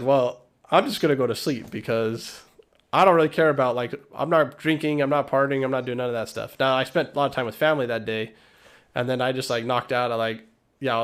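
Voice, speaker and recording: A man's voice: mid-range voice, fairly bright tone. A man co-hosting a podcast, chatting in a laid-back, rambling way. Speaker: podcast co-host. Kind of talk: casual chat.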